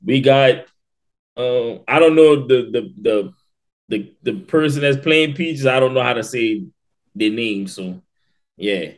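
A man with a mid-range voice, co-hosting a casual podcast. He talks in a relaxed, unhurried way and often pauses or trips over his words. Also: medium pitch. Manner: laid-back, hesitant, stumbles over names. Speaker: podcast co-host.

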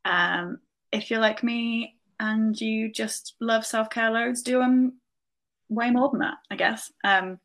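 A woman guest on a podcast in casual chat, talking in a thoughtful, measured way with many fillers. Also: a little high, steady tone, fairly bright tone.

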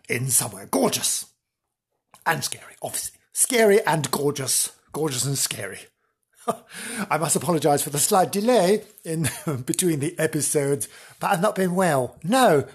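Camp male podcast host, giggly, sing-song delivery, slightly breathy. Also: on the high side. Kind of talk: playful podcast narration.

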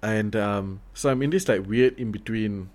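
A man's voice: on the low side, normal speed. A man from Singapore with a Singaporean English accent, talking casually and animatedly, swearing freely with lots of fillers and restarts. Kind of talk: casual conversation.

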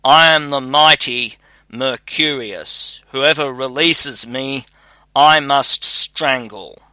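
A huge male spirit from a storybook bellows his threats, as a man reads him aloud. The voice is bright and close, dry, with no room sound. He speaks slowly and with menace. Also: medium pitch, no echo. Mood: haughty. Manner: loud and threatening.

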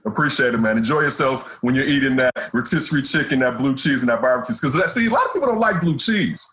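A man hosts a sports radio show in a relaxed, joking way. He speaks at an ordinary middle pitch and keeps the chat easy and friendly with his guest. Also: fast talker. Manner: laid-back, jokey. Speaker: radio host. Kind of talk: casual interview.

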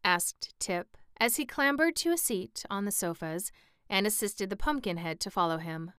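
Clear, bright woman reading a storybook. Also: medium pitch, animated, moderate pace, no echo, clean studio sound. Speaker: narrator. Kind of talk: audiobook reading.

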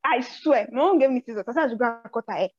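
A young woman with a Nigerian accent tells personal stories on her podcast. Her voice sits high, and she acts out the people in her stories with a lot of energy. The recording is a little muffled and dry, with no room sound. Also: very fast, husky, no room sound. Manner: animated storyteller who acts out quotes. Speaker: podcast host. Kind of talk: casual chat, personal storytelling. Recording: slightly dull, dry audio.

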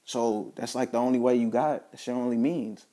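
A man's voice: mid-range voice, steady tone, moderate pace, dark tone. A man talking straight to the camera in a casual motivational monologue, repeating himself and restarting phrases as he preaches to his listeners. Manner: repetitive, stumbling restarts, preachy asides.

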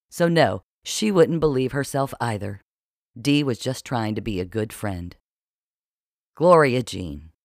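Male narrator for an audiobook, steady storytelling delivery, close dry sound. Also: mid-range voice, no room sound.

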